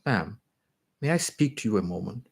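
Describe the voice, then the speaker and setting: A man's voice: lowish voice, lively intonation, moderate pace, creaky, husky, heavily acted. A man doing a timid, stammering poor young woman. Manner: stammering, hesitant. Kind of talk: reading a short story aloud.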